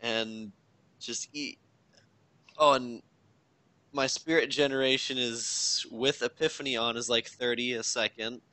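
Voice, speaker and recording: A man's voice: mid-range voice, steady tone, unhurried, pauses often, bright, forceful tone. A man co-hosting a gaming podcast, musing aloud in casual chat and trailing off unsure. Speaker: podcast co-host.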